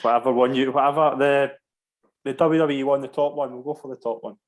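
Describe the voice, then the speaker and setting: Brisk man hosting. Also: mid-range voice, steady tone. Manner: brisk, moves on quickly with short affirmations. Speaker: host. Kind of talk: casual interview.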